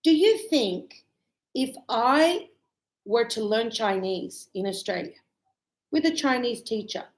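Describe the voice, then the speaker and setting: A woman teaching a relaxed spoken lesson, chatty and animated as she tells stories and laughs often. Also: on the high side, slow pace. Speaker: English teacher. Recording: echoey room.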